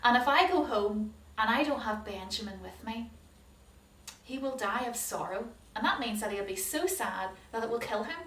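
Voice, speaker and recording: A woman's voice: fairly high pitch, expressive, moderate pace, fairly bright tone. Lady doing a humble pleading big brother, earnest, roomy sound, mic a bit far off. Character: humble pleading grown man, older brother. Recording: roomy hall, distant mic.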